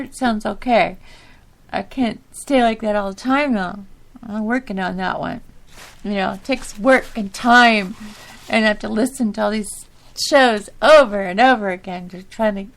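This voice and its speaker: A woman's voice: mid-range voice, unhurried, gravelly. A middle-aged woman hosting her own podcast, talking casually and rambling with a girlish, sometimes whiny voice and frequent laughs. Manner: rambling, laughs often, self-deprecating. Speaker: podcast host. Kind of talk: casual solo talk.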